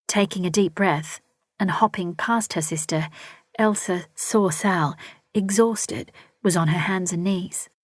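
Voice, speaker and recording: A woman narrating a historical story in a steady, measured reading. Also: on the low side, no echo, clean studio sound. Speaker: audiobook narrator. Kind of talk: scripted narration.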